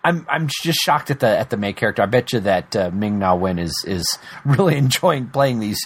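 A man's voice: fairly low pitch, animated, a little fast, slightly rough. A man co-hosting a casual TV episode recap, laughing often and restarting his sentences. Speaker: podcast co-host.

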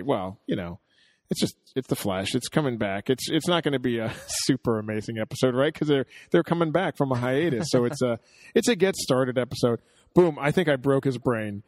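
A man's voice: mid-range voice, a little fast, dry recording. Man, podcast co-host, casual chat, dry close mic, jokey, chuckles while telling stories. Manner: jokey, chuckling, animated storyteller.

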